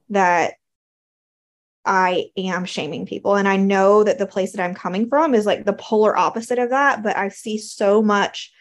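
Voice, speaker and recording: A woman from the American South, talking through her thoughts in casual conversation. Her pitch is middling, and she pauses and hedges with plenty of ums as she reflects. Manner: thoughtful, hesitant, many fillers.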